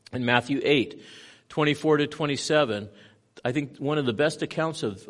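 A man pastor preaching a sermon, moving between loud emphatic stretches and quiet hushed passages. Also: medium pitch.

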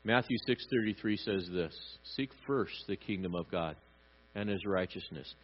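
A man preaching a sermon, animated, acting out short voices as he tells his points. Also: deep voice, a little slow, lo-fi sound. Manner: animated, acts out little voices for God and parents. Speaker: pastor.

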